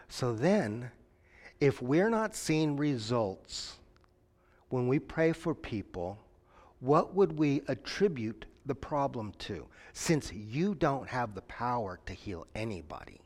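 A man preaching an interactive sermon. He questions his listeners, asks them to call out answers, and tells stories with acted-out voices. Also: mid-range voice. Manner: questions the audience and invites answers. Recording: long hall reverb.

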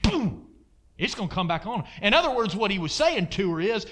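A man's voice: high-pitched, sing-song, fairly quick, a bit bright. A man preaching a sermon in an emphatic way, throwing asides like "amen?" to his congregation.

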